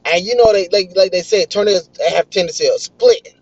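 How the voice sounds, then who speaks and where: A young man, excitedly telling a story in casual vlog style. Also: sits high, a little fast, no echo. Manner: excitable, animated retelling. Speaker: vlogger. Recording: dull, lo-fi dry recording.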